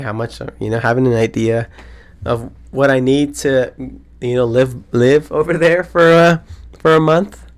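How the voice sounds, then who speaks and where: A man around twenty hosting his own podcast, chatting casually in an excitable, rambling way full of slang and swearing. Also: mid-range voice. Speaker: podcast host. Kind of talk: casual solo podcast chat.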